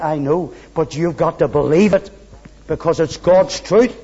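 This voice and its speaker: A man preaching a sermon, fervent, with quiet, low pleading asides. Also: unhurried, husky. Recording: dull sound in a large reverberant hall.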